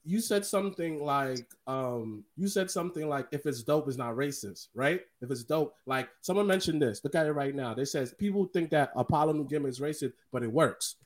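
A man with a notably high voice hosts a casual podcast chat. He talks in an animated way and laughs often. His delivery is loose and conversational. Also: a little fast, few pauses. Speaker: podcast host.

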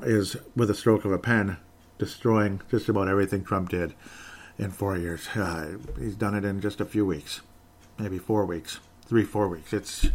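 Heated rambling man on a podcast. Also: fairly low pitch. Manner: rambling, heated, many fillers and restarts. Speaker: podcast host. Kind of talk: political commentary monologue.

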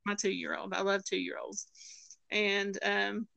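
A woman tells a personal story with plenty of ums and restarts, dropping into the voices of the people she quotes. Her voice is bright, smooth and gravelly. The recording is close and dry. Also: medium pitch, little pitch movement, takes it slowly, no room sound, dull audio. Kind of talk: personal testimony in conversation.

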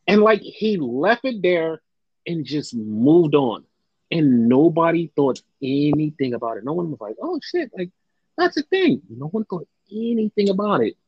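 A young man co-hosts a casual wrestling podcast, speaking animatedly in a slightly high, husky, expressive voice at a somewhat slow pace. He swears often and mimics fans in exaggerated voices. The recording is dry, from a slightly dull podcast mic.

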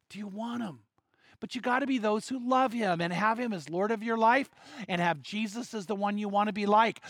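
A man's voice: high-pitched, fairly bright tone, no room sound. An older man preaching a sermon, emphatic, building points through repetition and direct questions to listeners. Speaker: pastor.

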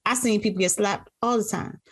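A woman's voice: mid-range voice, steady tone, brisk, a bit bright, slightly rough. A woman in her thirties chatting casually with friends, laid-back and plain-spoken, laughing easily. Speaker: guest, friend of the host. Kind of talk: casual chat among friends.

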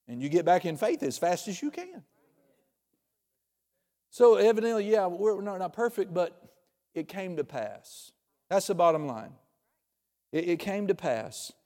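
Pastor, man, fairly high voice, chatty humorous sermon with loud bursts, long hall reverb. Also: animated, unhurried, pauses often. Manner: conversational, joking preaching with sudden loud bursts.

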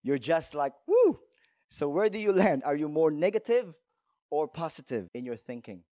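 A man's voice: fairly high pitch, expressive, moderate pace, dark tone, no echo, studio quality. A male pastor preaching a sermon in a church, emphatic, telling stories and asking rhetorical questions.

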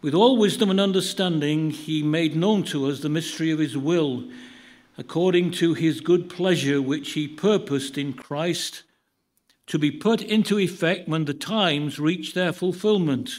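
A man from the United Kingdom preaching a sermon in a church, moving from a measured Bible reading into relaxed talk with dry humour. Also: a little high.

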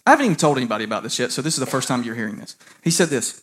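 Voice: medium pitch, big pitch swings, rapid-fire, a bit bright. A pastor delivering a sermon, telling a story to the congregation and building into fervent preaching.

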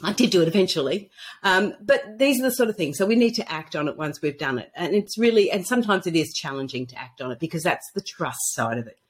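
A woman speaks as a guest on a casual podcast, telling stories with real animation. Her voice is a little husky, and her pitch swoops high and low as she acts out the quoted lines. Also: fast talker. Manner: animated storyteller acting out quoted dialogue. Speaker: guest author on intuition. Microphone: podcast microphone at a computer.

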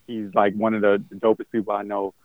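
A man's voice: lowish voice, monotone, brisk, no echo. Man guest, rambling storyteller with lots of ums, dry dull mic. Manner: rambling, many fillers and restarts. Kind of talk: casual storytelling.

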